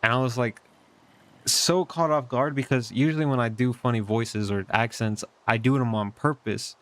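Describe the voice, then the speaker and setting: A man's voice: medium pitch, normal speed, fairly bright tone. A young man sharing a casual personal update from his bedroom at home, in an earnest, reflective way that rambles with many fillers. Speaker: vlogger.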